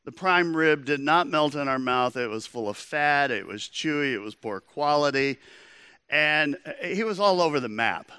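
Bright-voiced storytelling male pastor. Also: fairly high pitch, animated, normal speed, clean tone, no echo, clean studio sound. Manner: storytelling, conversational preaching. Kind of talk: sermon.

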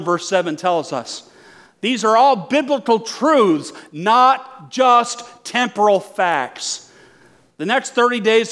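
A man's voice: sits high, a bit bright. An older male pastor preaching a sermon, emphatic, asking the congregation questions and acting out little prayers.

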